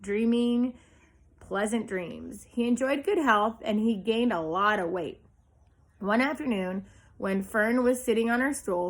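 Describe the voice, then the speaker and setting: A woman reading a children's chapter book aloud with expressive storytelling. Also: medium pitch, poor audio. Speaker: storybook reader. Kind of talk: children's read-aloud narration.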